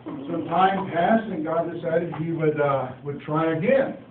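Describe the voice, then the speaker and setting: A man with a fairly high voice tells a Bible story as an informal preacher, folksy and full of asides. He is recorded from a distance on a phone, so the sound is thin, echoey and carries a faint hiss. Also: steady tone, a little slow, narrow, tinny audio.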